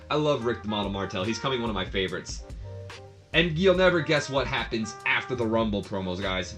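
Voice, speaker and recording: A man's voice: medium pitch, expressive, normal speed, a bit bright, soft background music. A man hosting a casual review channel, chatting and rambling with many fillers and the odd laugh. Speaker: wrestling review channel host.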